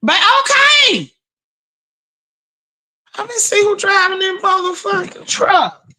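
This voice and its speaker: A woman's voice: very high-pitched, level tone, moderate pace, pushed and bright. A woman hosting a livestream, talking casual gossip commentary from her home office. She is brash and profane, calls her viewers honey and baby, and breaks into laughter. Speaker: livestream host.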